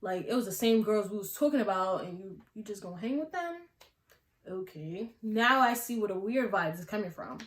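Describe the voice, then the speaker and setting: A woman's voice: medium pitch, lively intonation, moderate pace. A young woman vlogger telling a story in a casual, slangy way, filling her talk with "like". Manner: chatty, slangy, many "like" fillers. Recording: echoey room.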